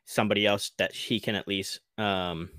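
A man's voice: fairly low pitch, normal speed, dry recording, clean studio sound. A man co-hosting a podcast, chatting casually and animatedly about a TV episode, laughing often. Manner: animated, laughs a lot, acts out quotes. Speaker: podcast co-host. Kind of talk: casual TV recap chat.

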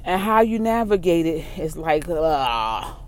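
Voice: medium pitch, animated, unhurried. Baltimore/new york accent vlogger just ranting, swears a lot, laughs, says stuff twice, faint noise behind. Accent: Baltimore and New York blend. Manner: candid, profane, laughs often, repeats phrases. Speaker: solo vlogger. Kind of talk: casual rambling monologue.

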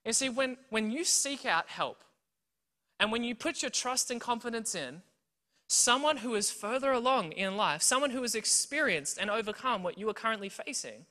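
Bright-voiced Australian preacher in a big hall. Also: medium pitch, normal speed. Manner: animated, tells stories, keeps checking in with "right?" and "okay?". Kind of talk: sermon with humorous storytelling. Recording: long reverb from a big hall.

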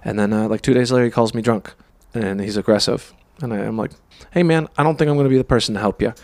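A man on a podcast, telling a personal story with lively quoted dialogue. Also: fairly low pitch, quick pace, dry recording. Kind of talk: casual podcast chat.

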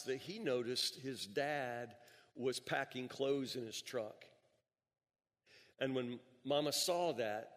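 Pastor guy preaching a sermon, medium pitch, big echoey church hall, tells a story and stumbles over a word now and then. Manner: storytelling, with repeated words and emphatic rises. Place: church sanctuary. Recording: long reverb of a large hall.

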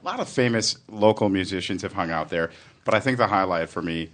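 A man's voice: low voice, fairly quick, fairly bright tone. A man co-hosting a podcast in casual, upbeat, joking chat. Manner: upbeat, jokey. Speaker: podcast co-host.

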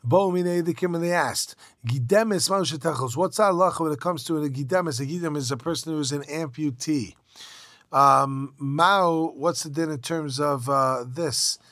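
Man, talmud lesson, informal quick explaining, higher voice, dry close mic. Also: no room sound. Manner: quick, informal, lively explaining with yeshiva slang. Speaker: Talmud teacher. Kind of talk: Talmud lesson, reading and translating.

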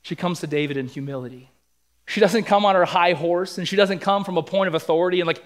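Male pastor, slightly higher voice, earnest sermon delivery with rising emphasis. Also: quick pace. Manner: earnest, building emphasis, acts out quoted lines. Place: church sanctuary.

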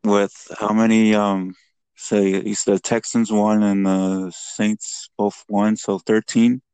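A man's voice: on the low side, little pitch movement, slow, warm tone, clear, resonant tone, dry recording. A man as a podcast guest in casual chat, laid-back and shrugging things off.

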